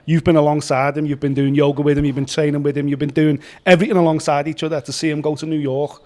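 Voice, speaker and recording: Relaxed male interviewer, slightly high voice. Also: fast talker. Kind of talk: casual sit-down interview.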